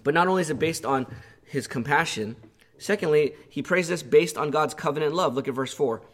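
A man's voice: a little high, fairly quick, a bit bright. A male pastor preaching an earnest sermon, growing impassioned as he voices the psalmist's pleas.

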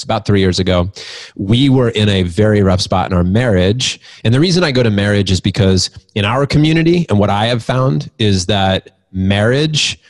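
A man speaking as a podcast guest, reflecting on marriage and fatherhood in a loose, rambling way. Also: fairly low pitch. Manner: reflective, rambling, lots of fillers. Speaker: podcast guest, men's community leader. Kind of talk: casual conversation.

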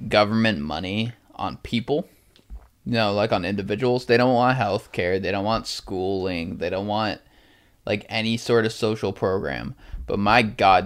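Man, co-host, casual chat, blunt, sarcastic, swears. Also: on the low side. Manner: blunt, profane, sarcastic asides. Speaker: podcast co-host.

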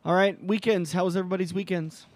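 A man's voice: high-pitched, fairly even intonation, fast talker, dry recording. A man hosting a casual pub-style podcast, laid-back and swearing casually. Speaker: podcast host.

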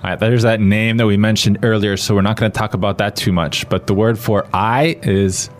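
A man's voice: lowish voice, fairly even intonation, brisk, faint music behind. A man explaining phrases conversationally in a podcast language lesson. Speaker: language teacher.

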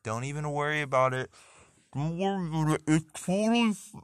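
A man's voice: fairly high pitch, lively intonation, a little fast, dry recording, pitched above the performer's own voice, close to an everyday voice. A man voicing an overly friendly male sentient toilet that chats and reassures in a soothing way. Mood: reassuring. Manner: chatty, soothing, eager to please.

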